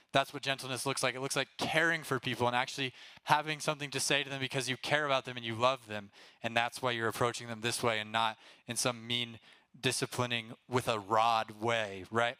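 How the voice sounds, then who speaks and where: Upbeat young preacher with a bright, crisp voice. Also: male voice, medium pitch, no room sound. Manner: casual and energetic, often checks in with "right?"; talks straight to the group and gets them to call out answers. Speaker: youth pastor. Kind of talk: youth group sermon.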